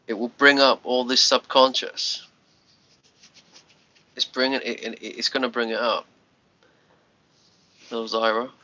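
A man chatting to viewers on his live stream, tired, rambling and halting with many restarts. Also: mid-range voice, steady tone, pushed and bright. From United Kingdom. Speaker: livestream host. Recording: lo-fi muffled livestream audio.

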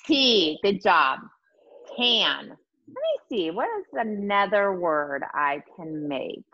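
A woman teaching a virtual lesson to young children, encouraging and sing-song, sounding out letters slowly. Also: medium pitch, big pitch swings, sharp tone, dull audio. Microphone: video call.

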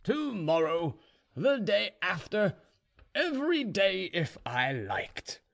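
A man's voice: high-pitched, huge pitch swings, slow pace, creaky, a bit bright, voice pushed up, heavily acted. A man voicing a boastful, contented male serf who is drinking brandy, speaking in an easygoing, smug way.

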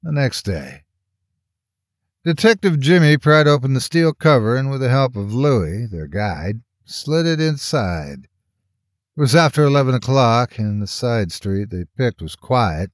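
A man reading a horror story aloud as a scripted narration in a measured storytelling manner, close to the mic. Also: no echo. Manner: measured storytelling with lively pitch swings.

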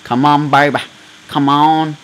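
Male gamer, slow-talking, foul-mouthed, yells a lot. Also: fairly high pitch, flat delivery, low-quality recording. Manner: loud, profane, yelling reactions. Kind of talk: let's play commentary. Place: at home.

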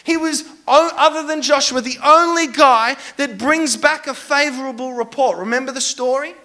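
A young man preaching a sermon as a lively, self-mocking storyteller. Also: extremely high pitch, moderate pace. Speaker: pastor.

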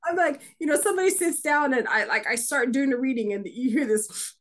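A woman co-hosting a casual podcast as a card reader, telling stories in a direct, chatty, animated way. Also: sits high, fairly quick.

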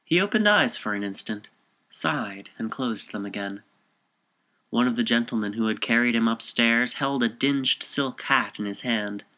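A man reading a short story aloud as narrator in a measured, composed way. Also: medium pitch, lively intonation, sharp tone.

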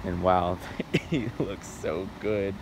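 A man talking casually and excitedly to the camera in a DIY vlog while working on his truck outdoors, often saying "dude" and "bro". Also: low-pitched, takes it slowly, background noise. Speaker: DIY car vlogger.

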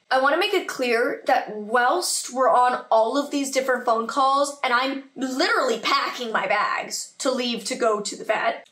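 A young woman telling a personal story in a casual vlog, talking in an animated, tumbling way with many quoted reactions. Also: a little high, recorded from a distance.

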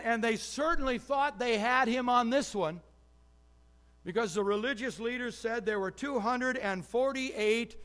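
A male pastor giving a sermon, telling stories with lively swings between loud and soft delivery. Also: very high-pitched. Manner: animated storytelling with quick shifts in volume. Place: church.

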